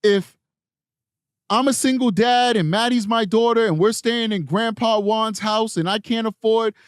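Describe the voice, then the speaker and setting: Male streamer host, higher register, emphatic and repetitive, dead dry room. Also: unhurried, clean tone, dry recording. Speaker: true crime livestream host. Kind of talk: casual commentary, reading live chat.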